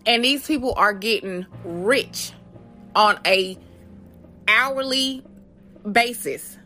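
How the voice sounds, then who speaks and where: A woman's voice: fairly high pitch, slow, bright, forceful tone, soft background music. A woman hosting a solo podcast, talking earnestly and casually, reading out figures with small restarts. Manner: earnest, conversational, reads statistics aloud with restarts. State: has the hiccups. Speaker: podcast host.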